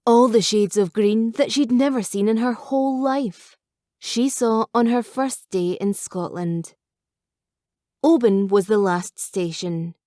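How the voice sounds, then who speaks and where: A woman calmly narrating a novel as an audiobook reader. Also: a little high, no room sound, clean studio sound. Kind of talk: scripted narration.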